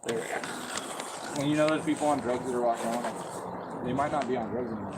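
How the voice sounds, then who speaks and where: A man's voice: medium pitch, a little fast. A man chatting casually outdoors, earnest and easygoing, saying dude often. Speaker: conversation participant. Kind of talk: casual chat. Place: outdoors near a street. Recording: loud outdoor noise with traffic.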